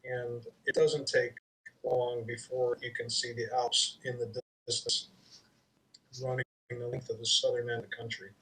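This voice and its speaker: A man narrates a tabletop game as its game master. His voice sits in a middle pitch, and he paints the landscape slowly, pausing often to find his words. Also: flat delivery, bright, forceful tone, low-quality recording.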